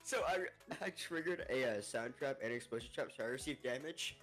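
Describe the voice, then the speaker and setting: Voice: medium pitch, expressive, a little fast, a bit bright, faint music behind. A friend coordinating and teasing during a co-op game on voice chat. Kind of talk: casual gaming chat.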